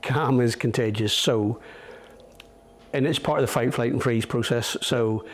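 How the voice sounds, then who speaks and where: Middle-aged british guy, calm and steady, explains stuff patiently, medium pitch. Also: a little slow. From Britain. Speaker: guest, veteran and trainer. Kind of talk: casual interview.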